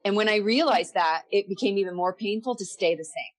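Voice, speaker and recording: A woman's voice: mid-range voice, a little fast. A woman as a podcast guest, telling her own story candidly and reflectively, often repeating words as she gathers her thoughts.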